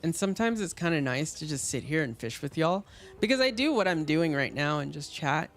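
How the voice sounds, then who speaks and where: A man with a slightly high voice chats loosely while streaming a game. He rambles, stacking fillers between thoughts. Soft music plays quietly behind him. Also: fairly quick. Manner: relaxed, rambling, chatty with fillers. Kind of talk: casual gaming stream chat.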